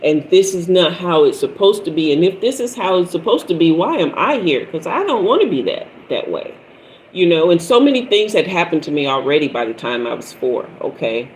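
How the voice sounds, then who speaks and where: A woman's voice: fairly low pitch, very animated, a little fast, a little hiss or hum, rough recording. A woman in her fifties, a tarot reader and spiritual teacher, preaching and telling stories on a livestream with lots of repetition for emphasis. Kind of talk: livestream talk.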